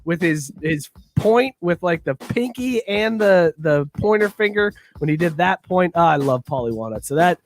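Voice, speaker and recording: A man's voice: fairly high pitch, lively intonation, normal speed, few pauses, a little hiss or hum. A man hosting a casual podcast, rowdy and swearing as he wraps up the show. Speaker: podcast host. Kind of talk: casual chat.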